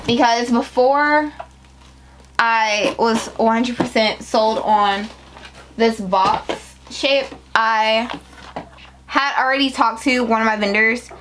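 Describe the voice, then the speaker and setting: A young woman unboxing her new business packaging in a casual vlog, excitable and emotional, talking in slang. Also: a little high, slow pace, a little hiss or hum. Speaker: beauty business owner.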